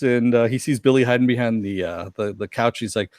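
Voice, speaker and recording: A man's voice: mid-range voice, normal speed, dry recording, studio quality. A man hosting a casual review chat, recapping scenes and acting out the characters' lines. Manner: animated, acts out characters' lines with laughs. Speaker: podcast host reviewing a cartoon episode.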